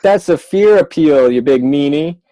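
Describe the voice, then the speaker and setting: Brief: man doing a stubborn card deck, flat refusals, dry close sound. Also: fairly high pitch, unhurried, no room sound, voice pushed up, poor audio. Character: a deck of cards, stubborn chorus.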